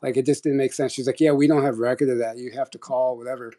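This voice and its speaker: A man's voice: mid-range voice, steady tone, fast, warm tone. A young man casually telling a personal story on a live audio chat, rambling, full of restarts and quoted dialogue.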